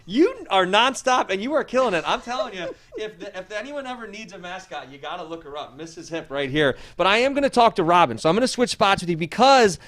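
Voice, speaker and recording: A man's voice: sits high, big pitch swings, fairly quick, few pauses, fairly bright tone. A man hosting a local live show, interviewing guests with upbeat, joking banter. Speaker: host.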